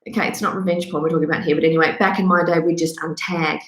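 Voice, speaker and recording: A woman's voice: low voice, fairly even intonation, rapid-fire, fairly bright tone. A woman giving a sarcastic, self-deprecating commentary monologue that turns into a rant. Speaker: host. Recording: roomy echo.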